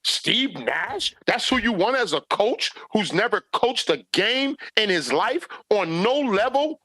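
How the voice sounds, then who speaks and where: Male sports podcast co-host, rants, dry close sound, very lively pitch. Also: a little slow, dry recording. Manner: ranting, mocks players in quoted voices. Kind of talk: animated sports debate.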